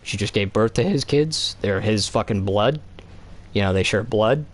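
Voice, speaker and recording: A man's voice: fairly low pitch, normal speed. A man streaming a video game, rambling in casual chat with heavy swearing and lots of fillers.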